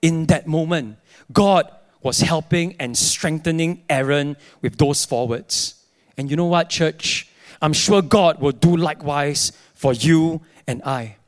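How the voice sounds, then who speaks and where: A young adult male pastor, preaching a sermon in an animated storytelling way. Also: on the high side, slow pace. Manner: animated storytelling, acting out his own dialogue.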